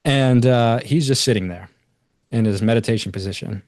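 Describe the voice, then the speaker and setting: A man's voice: medium pitch, unhurried, pauses often, no echo, clean studio sound. A man, a podcast guest, telling a personal story in casual conversation, acting out the other people's lines and using lots of fillers. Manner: animated retelling with quoted voices and many fillers.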